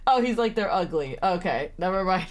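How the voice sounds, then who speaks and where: A woman's voice: fairly low pitch, expressive, brisk. A young woman streaming a story game, reading lines aloud and reacting with flustered, laughing commentary.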